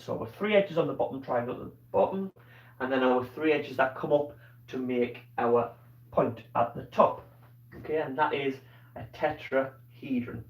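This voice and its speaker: A man with a Scottish accent teaching a live online maths lesson, explaining patiently step by step and checking in with "okay?". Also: on the high side. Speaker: primary school teacher. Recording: dull, roomy sound from a distance.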